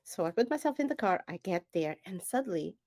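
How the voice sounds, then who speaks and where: A woman's voice: medium pitch, fairly quick, no echo, clean studio sound. Laughing woman telling a story. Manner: animated storyteller, laughs often, acts out quotes. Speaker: podcast co-host. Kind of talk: casual chat storytelling.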